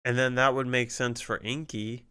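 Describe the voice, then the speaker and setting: A man's voice: mid-range voice, flat delivery, normal speed, sharp tone, smooth. A man streaming casually, thinking aloud as he works through a crossword, muttering guesses and swearing at the clues.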